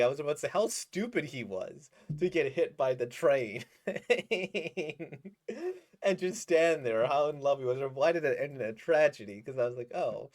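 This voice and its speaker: A man rambles through a casual reaction to a comic he is reading, keen and quick to laugh. His pitch sits in the middle but swings widely as he talks. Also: animated. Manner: rambling, enthusiastic, laughs often. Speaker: manga reaction host.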